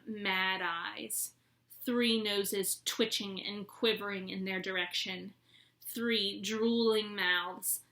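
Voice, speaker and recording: A woman's voice: medium pitch, bright, forceful tone. A woman teacher reading a children's book aloud expressively.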